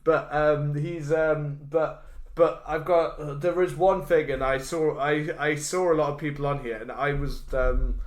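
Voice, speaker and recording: Rambling, swearing man, fairly high voice. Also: steady tone, measured pace. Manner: rambling, many fillers and restarts, swears. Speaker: podcast co-host. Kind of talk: casual film chat. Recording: roomy echo.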